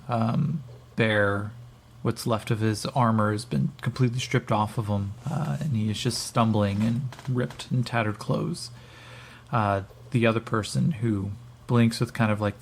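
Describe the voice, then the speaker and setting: A man with a gravelly voice narrating as game master, rambling with many fillers. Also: fairly low pitch.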